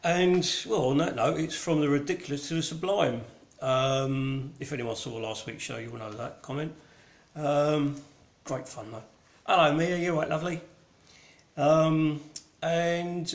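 A man with a Cockney accent and a slightly high voice hosts an online gallery show in an echoey room. It's a casual live-stream chat, rambling and irreverent, full of ums and mild swearing.

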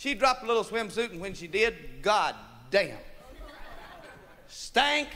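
Male stand-up comic, high voice, profane and rowdy, on a crackly live-club record. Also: very animated, slow, pushed and bright. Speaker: stand-up comedian. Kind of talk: crude stand-up comedy. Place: nightclub stage. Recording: live club audience, noisy vinyl.

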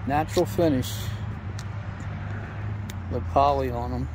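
A man's voice: medium pitch, fairly even intonation, takes it slowly. A man narrating a casual walkthrough, listing prices in a plain, matter-of-fact way on a handheld camera mic. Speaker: camera operator and co-host. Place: outdoors at furniture stores. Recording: outdoor street noise. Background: traffic and outdoor noise.

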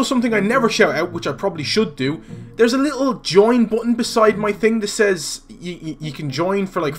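A young man giving excited, jokey commentary over his own football video game, swinging between shouts and mutters. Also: high-pitched. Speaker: gaming YouTuber.

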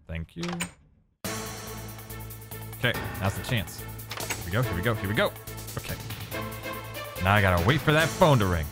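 A man's voice: on the low side, normal speed, pauses often, over music. A man giving casual gameplay commentary, talking to himself and exclaiming as he plays. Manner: animated, exclaiming, talks to himself. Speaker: let's play gamer.

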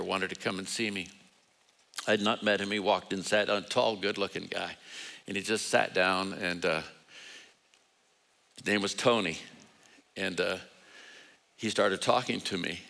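An older man preaching a sermon in a low, bright, forceful voice. He tells stories conversationally, lifts into quoted dialogue with a bit of acting, and mixes in humor at his own expense. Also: fairly even intonation, normal speed, gravelly, pauses often, low-quality recording. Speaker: guest preacher. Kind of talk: sermon with storytelling.

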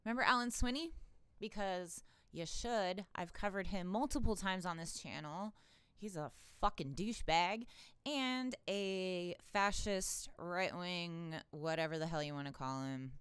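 A woman's voice: on the low side, measured pace, a bit bright, clear, resonant tone, no room sound. A woman hosting her own political commentary channel, ranting in an irritated, sarcastic way with plenty of profanity and exasperated laughs.

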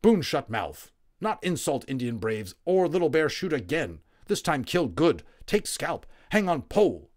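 A man's voice: mid-range voice, big pitch swings, a little slow, a little mellow, voice pushed up. A man voicing a proud, stern little male warrior chief who speaks in short, clipped broken phrases. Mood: urgent, proud.

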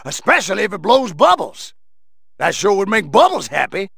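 A man's voice: sits high, huge pitch swings, normal speed, gravelly, a bit bright, husky, no room sound, studio quality, full character voice. An actor voicing a gung-ho, blustery general in a video game who barks his lines. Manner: barking, blustery. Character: gung-ho male general, paranoid about communists.

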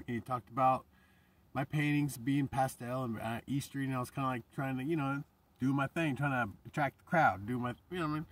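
Husky rambling man, off-mic. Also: medium pitch, recorded from a distance. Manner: animated, swears freely, voice jumps up when quoting himself. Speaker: vlogger and painter. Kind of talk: casual rambling vlog.

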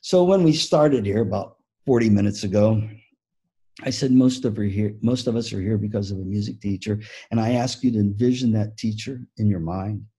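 Mellow husky man giving a keynote. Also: on the low side, moderate pace. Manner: animated storytelling with acted-out quotes. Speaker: keynote speaker. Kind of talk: conference keynote talk.

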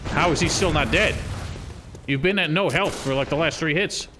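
A man streaming a video game, cursing and yelling at the enemies with frustration. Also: fairly high pitch, normal speed, background noise. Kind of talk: live game commentary.

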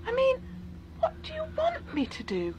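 A woman voicing a sweet but defensive plastic toy in a breathy, sing-song voice. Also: extremely high pitch, huge pitch swings, normal speed, very noisy, heavily acted.

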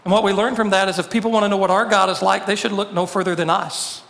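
A male pastor preaching with a high, gravelly voice. He drives his message through repeated rhetorical questions. The sound carries the long reverb of a large hall. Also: fairly even intonation, fast talker, fairly bright tone. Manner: rhetorical questions, builds to emphatic quoted lines. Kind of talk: sermon.

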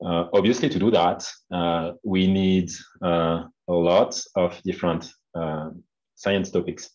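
Unhurried and a little mellow, this low-pitched man keeps a fairly even intonation as he delivers a seminar talk as a guest speaker on a video call. He is a non-native English speaker with a French accent who hesitates with many fillers, and the audio is dull and lo-fi.

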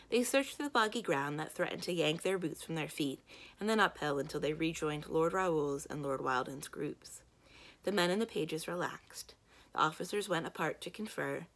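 A woman librarian reading a children's book aloud in calm, steady narration. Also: low voice.

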